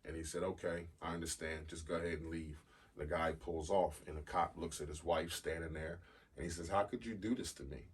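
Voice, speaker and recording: A man's voice: rumbling low, completely flat delivery, fairly quick, husky, far from the mic. A man co-hosting a podcast in casual chat, telling stories and swearing freely. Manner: storytelling, swears casually, laughs loudly when amused. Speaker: podcast co-host.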